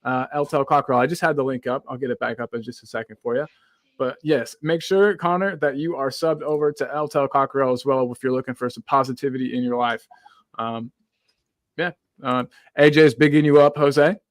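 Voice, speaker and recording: A man's voice: medium pitch, brisk, dry recording. Midwestern American man hosting a chat. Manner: friendly, chatty, reads viewer comments. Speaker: podcast host. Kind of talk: casual football chat.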